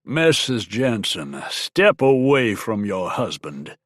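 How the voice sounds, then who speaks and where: A man voicing a stern, scheming army colonel in an audiobook, with a sharp, strident, clipped delivery. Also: lowish voice, very animated, no echo, studio quality, exaggerated voice. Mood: cold. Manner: cold, clipped, deliberate. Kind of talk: audiobook character voice.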